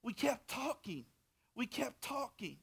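A man preaching a personal testimony, swinging between loud bursts and hushed asides. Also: very high voice, big pitch swings, takes it slowly, gravelly, slightly rough. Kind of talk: sermon testimony.

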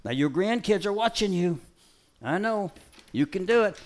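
A middle-aged man presents a live dog-training show. He shouts commands at the dog in bursts, jokes with the crowd, and drops into a soft, preachy tone. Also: high voice, animated, normal speed. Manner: jokey crowd banter.

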